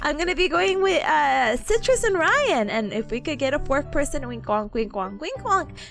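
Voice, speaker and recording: A woman's voice: high-pitched, big pitch swings, moderate pace, vocal fry, loud music behind the voice. A woman in her twenties streaming, chatting casually with viewers, giggling often and reading chat aloud.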